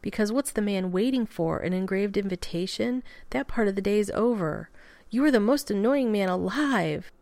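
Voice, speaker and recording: A woman's voice: mid-range voice, animated, moderate pace, hardly any pauses, clear, resonant tone, no echo, close to an everyday voice. A woman reading the lines of an exasperated, talkative man who bickers and wisecracks, close to her own voice.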